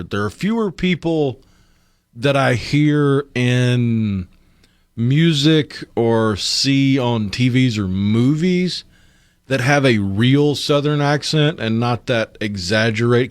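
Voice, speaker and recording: A male co-host on a talk radio show speaks slowly and deliberately, taking his time to find the right words. His voice sits mid-range, and the studio sound is dry and close. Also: medium pitch, animated, no echo. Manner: slow, deliberate, searching for words. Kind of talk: casual talk radio chat.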